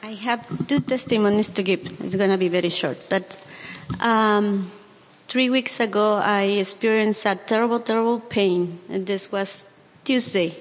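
A woman giving a personal testimony, speaking earnestly and haltingly with many pauses and restarts. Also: mid-range voice, big-room sound, a little hiss or hum. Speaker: church member giving testimony.

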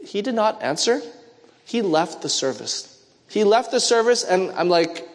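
At a moderate pace, a high-pitched man preaches in a church where a long hall reverb carries his voice. His sermon mixes personal storytelling with call-and-response questions directed at the congregation.

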